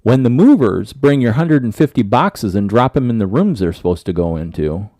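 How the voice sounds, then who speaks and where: A man's voice: mid-range voice, lively intonation, moderate pace, dark tone, no echo. A man co-hosting a podcast in casual chat, his voice tired and scratchy, rambling and restarting his sentences. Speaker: podcast co-host.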